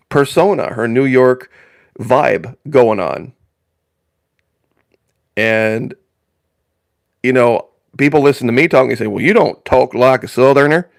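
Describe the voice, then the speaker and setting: A man from northern Indiana talks casually to his live-stream viewers at a mid-range pitch. His delivery is folksy and rambling, and he doubles up phrases for emphasis. The sound is dry and close, with no room echo.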